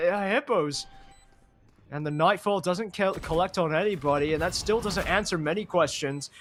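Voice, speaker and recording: A man casting a live esports match, calling plays quickly and rising with excitement at big moments. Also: sits high, slight background noise. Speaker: esports caster. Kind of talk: live play-by-play commentary.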